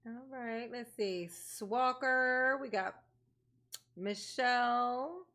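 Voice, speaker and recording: Woman, livestream host, playful casual chat, laughs often, higher voice, unhurried. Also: a bit bright. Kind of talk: casual chat with live viewers.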